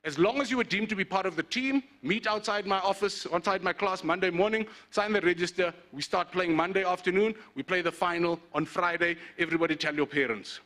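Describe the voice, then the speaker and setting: Stern primary-school tennis coach, put on by a man, bright and high. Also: fairly quick, few pauses. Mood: instructive.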